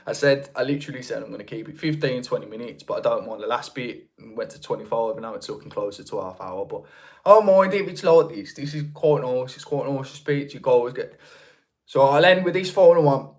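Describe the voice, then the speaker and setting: Chatty Brummie man hosting a livestream. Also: a little high. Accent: Birmingham (Brummie). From Birmingham, England. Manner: chatty, rambling, with many restarts. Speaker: livestream host. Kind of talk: casual live chat reading viewer comments.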